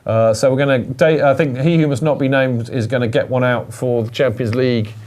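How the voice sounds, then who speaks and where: A man's voice: mid-range voice, steady tone, fairly quick, darkish tone. A man hosting a fan podcast in casual, jokey, rambling chat. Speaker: podcast host.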